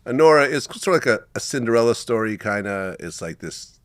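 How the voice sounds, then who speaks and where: A man from Russia hosts a relaxed sit-down interview, his voice sitting at an ordinary middle pitch. He talks in a loose, easygoing way, full of small fillers. The recording is close and dry, with little room sound. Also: brisk, no room sound. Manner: laid-back, leans heavily on fillers like "like" and "you know". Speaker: interview host. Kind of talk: casual interview chat.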